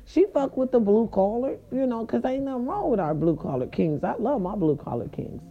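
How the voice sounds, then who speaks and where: A woman telling viewers a story in a casual, animated and profane way, speaking straight to them. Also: a little high, brisk, phone-quality sound.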